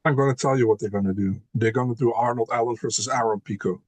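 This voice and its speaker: A man giving casual analysis as a podcast guest. He is blunt and swears freely, often repeating a word while he finds his point. His voice sits at a middle pitch and sounds dry and close. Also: fast talker, darkish tone, dry recording.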